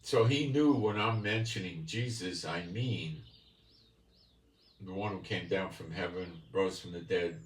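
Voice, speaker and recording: A man with a leftover New York accent gives a bible teaching in a very low, unhurried voice. He talks in a folksy way and keeps asking if you're with him. He is picked up in a roomy space from some way off the mic, with faint ambience behind. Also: distant mic. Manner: folksy, keeps checking in with listeners. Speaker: channel host.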